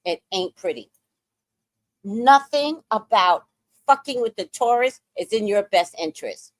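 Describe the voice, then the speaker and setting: A woman's voice: mid-range voice, animated, measured pace, no room sound. A woman giving blunt, profane, angry celebrity gossip commentary as a show host.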